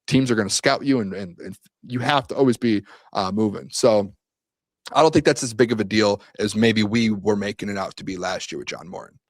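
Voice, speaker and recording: A man's voice: on the low side, a little fast, no echo. A man co-hosting a sports talk show, optimistic and rambling, with many fillers in casual chat.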